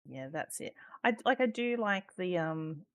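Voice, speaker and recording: A woman's voice: lowish voice, lively intonation, normal speed, clean tone. An Australian woman chatting casually as a podcast guest, talking freely with lots of ums, swearing and laughter. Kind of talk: casual chat.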